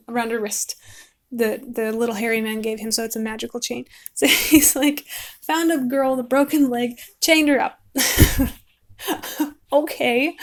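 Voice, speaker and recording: A woman casually rambling about a book she likes while she paints, chatty and quick to laugh. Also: on the high side. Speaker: book vlogger.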